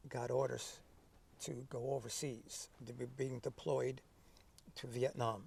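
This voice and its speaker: An older man in his seventies with a gravelly edge to his voice and a relaxed storytelling style. He tells his stories in a lively way, acting out the lines of the people in them. He sits a little away from the mic. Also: mid-range voice, a little slow, far from the mic. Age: 70s. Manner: lively, acts out remembered dialogue. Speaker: interview guest, veteran. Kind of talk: conversational storytelling.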